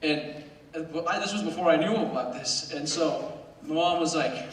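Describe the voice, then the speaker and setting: A man's voice: on the high side, moderate pace. Teen boy doing stand-up in an echoey hall. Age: teens. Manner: casual, rambling, self-mocking, with brief put-on voices. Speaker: student stand-up comedian. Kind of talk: stand-up comedy set. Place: school auditorium stage. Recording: very echoey hall recorded from far off.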